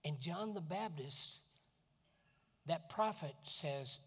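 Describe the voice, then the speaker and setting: A man from Florida preaching a sermon, animated, who often repeats words and acts out voices. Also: high voice, takes it slowly, husky. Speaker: pastor. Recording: long reverb of a hall.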